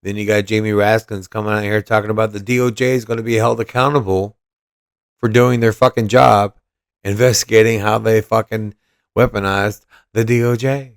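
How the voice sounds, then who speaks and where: A man's voice: on the low side, fairly even intonation, moderate pace, smooth, no echo, clean studio sound. A man hosting a podcast, giving profane, mocking and combative political commentary. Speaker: podcast host.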